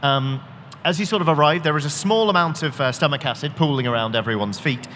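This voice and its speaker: A man narrating as game master in a live tabletop game on stage, animated and joking, with many fillers. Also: a little high, fast talker, slight background noise. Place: large convention hall. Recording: live hall reverb with audience murmur.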